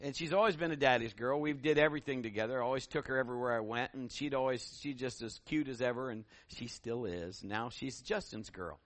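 A middle-aged man, a pastor, preaching a sermon with animated, folksy stories. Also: mid-range voice, brisk, few pauses, no room sound.

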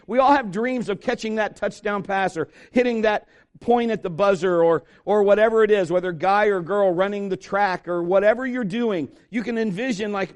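This is a man preaching a sermon, his voice sitting noticeably high for a man. He is a middle-aged pastor who tells animated stories and acts out the voices of the people he quotes. His delivery stays lively and conversational. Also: moderate pace.

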